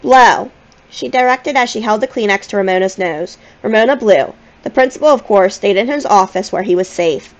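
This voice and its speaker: A woman reading a children's novel aloud in a gentle, expressive storytelling manner. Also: mid-range voice, a little fast, few pauses, poor audio. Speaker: audiobook reader.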